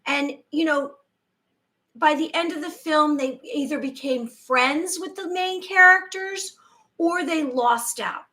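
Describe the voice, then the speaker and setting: This spiritual channel host, a woman in her forties, has a high voice with a sharp tone and speaks at a slow pace. Her casual monologue wanders, with frequent restarts and asides she quotes.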